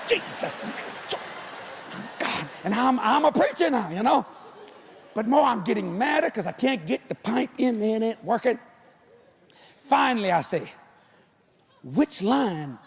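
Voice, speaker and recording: A man who preaches, telling a comic story in an animated way and often breaking into shouts. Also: very high-pitched, normal speed.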